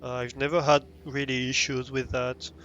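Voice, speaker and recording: A man's voice: medium pitch, level tone, moderate pace, fairly bright tone, lo-fi sound, a little hiss or hum. A man with a French accent chatting casually while livestreaming a game, rambling with frequent restarts and easy laughs. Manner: rambling, many restarts and ums, laughs easily.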